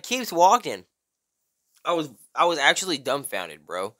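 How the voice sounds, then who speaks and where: A young man telling a story casually, full of slang and "bro", loudly acting out the people in it. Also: moderate pace. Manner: slangy, animated, says "bro" often; acts out quotes in high strained voice. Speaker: vlogger.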